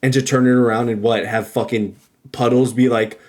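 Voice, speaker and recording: A man's voice: fairly even intonation, normal speed. Heated, profane man ranting. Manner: heated, profane, swings from loud to low and back. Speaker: podcast co-host. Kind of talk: casual ranting movie review.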